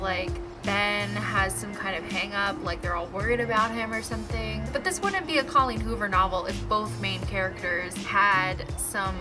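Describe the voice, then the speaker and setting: Young woman, gushing book vlogger, chatty and excitable, music playing underneath. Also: medium pitch. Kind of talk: casual reading-reaction vlog.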